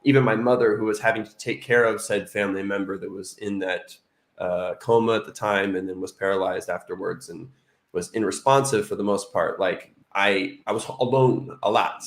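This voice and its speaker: A man from Oregon, a life coach, talking over a video call in a relaxed, reflective way. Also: on the low side, normal speed, roomy sound. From Oregon, United States.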